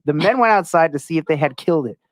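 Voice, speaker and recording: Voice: mid-range voice, animated, quick pace, dry recording. A podcast host reading out a cryptid story in a casual, joking way, often laughing and slipping into silly voices.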